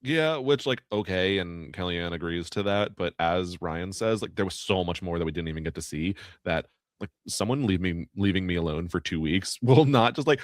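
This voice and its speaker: A man's voice: low voice, animated, moderate pace, no echo. A man co-hosting a podcast in casual chat, laughing often and quoting people in mock voices. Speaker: podcast co-host.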